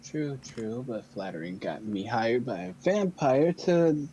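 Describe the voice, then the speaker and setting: Joking male player, slow drawl, warm dark tone. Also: mid-range voice, animated, highs cut off, a little hiss or hum. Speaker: tabletop player. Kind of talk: casual in-character tabletop role-play.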